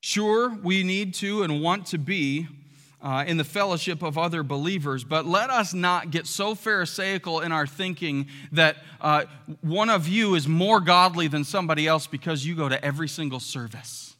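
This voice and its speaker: A pastor with a high, sharply bright voice preaches to his church congregation in a loose, conversational way. He keeps turning to the room with questions and little "right?" checks. His words ring out with a long hall reverb. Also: normal speed. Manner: asks the congregation rhetorical questions, often tags "right?". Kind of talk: conversational sermon.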